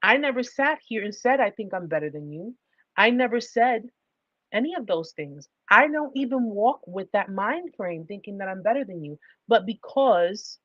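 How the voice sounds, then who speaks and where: A livestream host gives advice emphatically, hammering her points home with repeated rhetorical questions. Her voice is fairly high, in a dry recording with the highs cut off.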